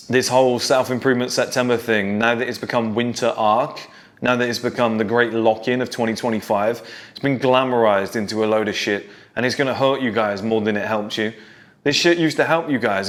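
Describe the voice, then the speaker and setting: A man's voice: mid-range voice, fairly even intonation, fairly quick. Blunt, swearing man giving a pep talk. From United Kingdom. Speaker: self-improvement creator. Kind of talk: motivational monologue.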